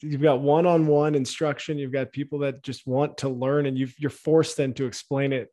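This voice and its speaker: A male podcast host with a mellow, relaxed timbre. He reacts to his guest with enthusiasm. His remarks are short and affirming. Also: mid-range voice, moderate pace. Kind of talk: conversational interview.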